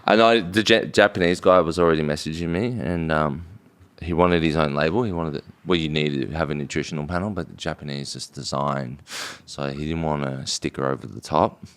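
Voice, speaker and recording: A man's voice: very deep voice, a little fast, few pauses, fairly bright tone, clear, resonant tone. A man from Australia telling his business story in a casual podcast chat, rambling, with slang and swearing. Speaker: guest, drinks brand founder.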